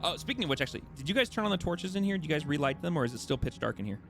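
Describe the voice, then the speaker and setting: A man's voice: on the high side, sing-song, racing, vocal fry, over music. A man narrating a tabletop game as its game master, with a rambling, self-correcting delivery. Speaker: dungeon master.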